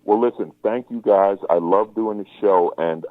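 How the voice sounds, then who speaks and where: A man's voice: on the low side, normal speed, no room sound, narrow, tinny audio. A man talking as a guest comedian in a casual interview, with a wry, joking manner.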